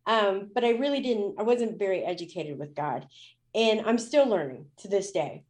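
A woman's voice: medium pitch, expressive, moderate pace, a little mellow. A woman speaking as a guest in an interview, telling a personal story in a candid, emotional way with many fillers.

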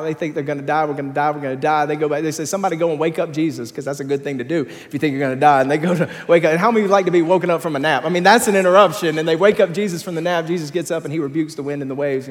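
A male pastor preaching a sermon, telling stories with growing energy and often repeating words as he builds to a climax. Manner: animated storytelling, rising in pitch and volume at climaxes, repeats words. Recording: long reverb of a large hall.

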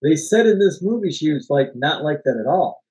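Expressive and brisk, this fairly high-pitched co-host sounds a little mellow, though the audio is poor. He chats casually about movies, rambling through behind-the-scenes stories, frequently laughing and now and then swearing.

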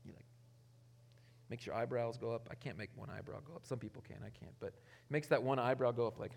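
A man preaching a conversational sermon, casual and chuckling, swinging between loud emphasis and quiet asides. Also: medium pitch, fairly quick, gravelly. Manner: casual, chuckling, self-interrupting with restarts. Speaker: pastor.

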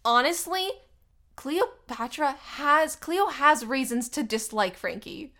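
A woman co-hosting a casual podcast, talking through a cartoon episode with a fairly high voice. She slips into quick little character voices when she quotes the characters. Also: expressive, pushed and bright. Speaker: podcast co-host. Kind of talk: casual chat recapping a cartoon.

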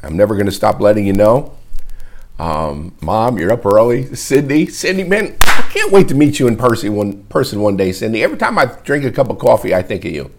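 A middle-aged man, a pastor, preaching an emotional sermon in a halting, repetitive way, close to tears. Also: fairly low pitch, big pitch swings, slight background noise. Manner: emotional, wears heart on sleeve; halting, repeats words often. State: tearful. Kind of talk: livestreamed sermon.

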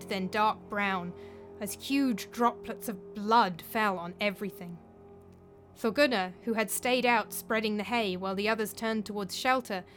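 Woman, storybook narration, calm, measured, clear, slightly high voice.

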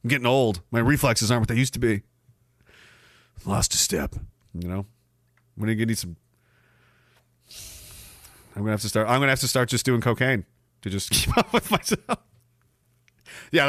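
A man's voice: mid-range voice, lively intonation, normal speed, long pauses, a bit bright, no echo, studio quality. A man hosting a podcast, reading out comments in a sarcastic, profane, rambling way. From Canada. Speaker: podcast host. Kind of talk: casual livestream chat reading comments.

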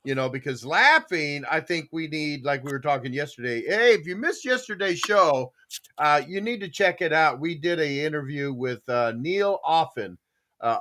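A man's voice: fairly high pitch, a bit bright. A man hosting a podcast in casual chat, rambling with many fillers and restarts as he tells a long joke. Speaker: podcast host.

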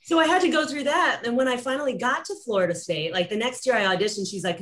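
Talking fast with hardly any pauses, this podcast host has a fairly high, fairly bright voice. She tells stories in a casual, conversational way, laughing frequently and performing the voices of the people she quotes.

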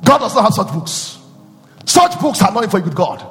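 A man preaching a sermon with call-and-response, swinging from loud chanting to low, intimate asides. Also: big pitch swings, normal speed. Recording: long hall reverb with faint music.

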